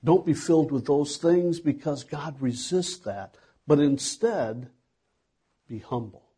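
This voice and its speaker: Male preacher, slow conversational sermon, dark mellow tone. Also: a little high, slightly rough. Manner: conversational preaching with rhetorical questions. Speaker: pastor.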